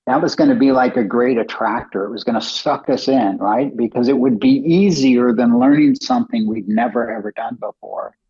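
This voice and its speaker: Husky middle-aged man telling stories. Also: medium pitch, normal speed, few pauses. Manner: animated, acts out quoted dialogue in other voices. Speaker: company co-founder and guest. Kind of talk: casual storytelling interview. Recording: dull lo-fi podcast audio.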